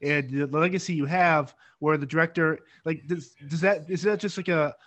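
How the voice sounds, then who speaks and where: A man's voice: a little high, steady tone, normal speed, a bit bright. A man interviewing a guest, asking long, rambling questions full of filler words. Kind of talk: casual interview.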